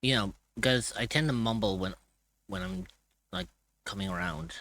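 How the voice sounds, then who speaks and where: This man chats on a live stream, tired and groggy after very little sleep. He rambles from one thought to the next and swears offhandedly. His voice sits a little low, with a bright, forceful tone. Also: normal speed, no room sound. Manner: rambling, loose, swears casually. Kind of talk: casual chat on a live stream.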